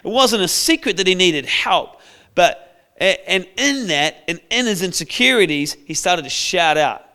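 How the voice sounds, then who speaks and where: A male preacher tells a Bible story in a playful, storytelling manner. His voice sits fairly high for a man. The tone is smooth and clear. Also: expressive, unhurried. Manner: storytelling, playful, acts out characters with shouts. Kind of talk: sermon.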